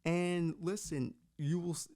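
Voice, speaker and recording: A man's voice: a little high, steady tone, unhurried, warm tone. A young man from Bushwick, hosting a podcast and riffing through a profane, rambling comic rant. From Puerto Rican from Bushwick, New York. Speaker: podcast host.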